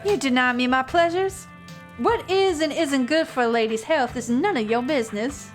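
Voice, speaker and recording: A woman's voice: high voice, normal speed, natural voice. A woman voicing a haughty, prim dog who speaks like a proud old lady in a visual novel. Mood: indignant. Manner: prim and indignant. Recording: game music behind the voice.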